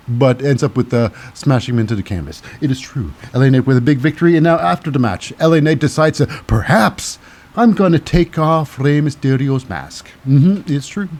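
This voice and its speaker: A man's voice: medium pitch, brisk, darkish tone. A man hosting a casual wrestling recap podcast with a cynical, wry manner and many fillers. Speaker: podcast host.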